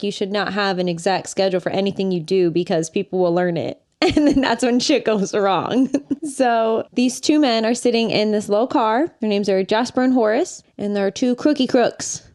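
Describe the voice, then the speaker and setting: A woman's voice: mid-range voice, a little mellow. A woman co-hosting a podcast, casually recapping a film and playfully putting on silly voices for the characters. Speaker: podcast co-host.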